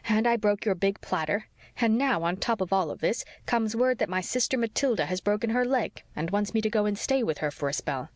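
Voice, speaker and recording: A woman's voice: medium pitch, dry recording, lightly acted. A woman voicing a fussy, devoted older housekeeper woman who frets in a homely, old-fashioned way, read for an audiobook.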